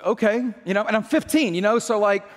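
High-voiced man telling a joking sermon story. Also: expressive, quick pace, big-room sound. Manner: chatty, joking storyteller with frequent restarts. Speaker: pastor.

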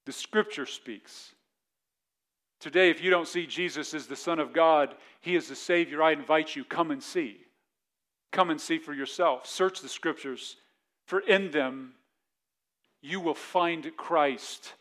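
Slightly high-voiced male pastor preaching. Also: unhurried, fairly bright tone. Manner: conversational preaching, repeats words when restarting. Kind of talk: sermon.

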